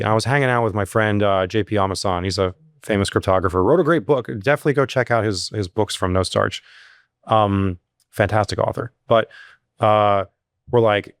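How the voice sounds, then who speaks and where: On a laid-back podcast, a low-voiced man who heads a security firm recounts a story, his pitch shooting up each time he performs a quote or scene. His delivery is animated, a little fast, and full of fillers and false starts, with a clear, resonant tone. The audio is close and dry with no echo.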